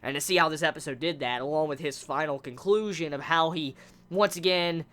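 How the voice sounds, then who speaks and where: A young man excitedly reviewing an anime episode in casual talk, swearing often and stumbling over repeated words. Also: on the high side, fairly quick.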